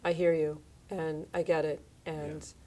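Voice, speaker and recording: Radio host, woman in her thirties or forties, chatty and animated, pitching up and down to act out quoted lines. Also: a little slow. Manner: animated, acts out quoted lines in shifting voices. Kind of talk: casual radio chat.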